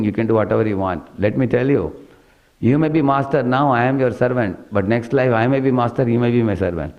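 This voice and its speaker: A man voicing a calm, wise sage. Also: medium pitch, highs cut off, close to an everyday voice. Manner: calm, patient teaching.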